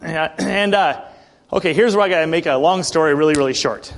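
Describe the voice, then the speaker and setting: A male preacher giving a sermon in a conversational storytelling way, often clearing his throat. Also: fairly high pitch, fairly quick. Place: church building.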